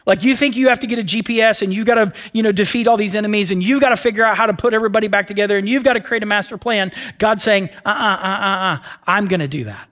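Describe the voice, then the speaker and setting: Guy preaching a sermon, kinda high voice, gets real quiet and whispery for emphasis. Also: very fast, few pauses. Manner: animated preaching, drops to a hushed near-whisper for emphasis. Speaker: pastor.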